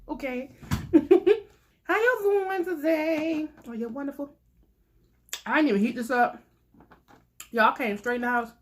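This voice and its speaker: A young woman chatting playfully to her viewers while eating, laughing often as she talks. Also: fairly high pitch. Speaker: mukbang vlogger. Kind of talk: casual chat while eating.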